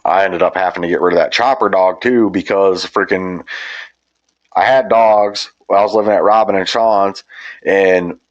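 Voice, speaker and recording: A lower-pitched man tells stories in loose, swearing podcast chat. He rambles from one story to the next, and the audio sounds dull and lo-fi. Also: fairly even intonation, moderate pace. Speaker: podcast host.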